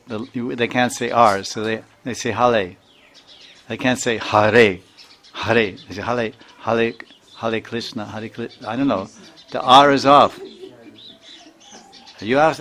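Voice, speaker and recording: A man's voice: lowish voice, a bit bright, slight background noise. Chuckling older man teaching pronunciation. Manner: chuckles often, repeats and sounds out words. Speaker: spiritual teacher. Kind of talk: informal spiritual talk.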